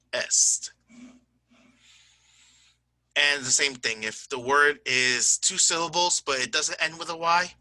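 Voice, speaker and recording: In a recorded online grammar lesson, a man teaches English in a chatty, joking style, often checking in with "right?" and "okay?" and slowing down to spell out word endings. His voice is mid-range with a sharp tone, and there's no room sound.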